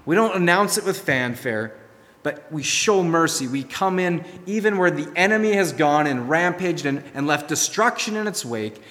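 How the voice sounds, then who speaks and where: A man preaching a sermon, telling a story and swinging from soft, hushed lines to emphatic ones. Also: a little high, in a large hall. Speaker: pastor.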